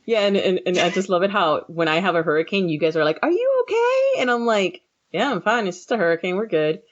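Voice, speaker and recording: A woman's voice: fairly low pitch, quick pace, muffled recording. A woman from Florida co-hosting a casual podcast chat, telling stories with acted-out voices. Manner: animated storytelling with acted-out voices. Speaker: podcast co-host.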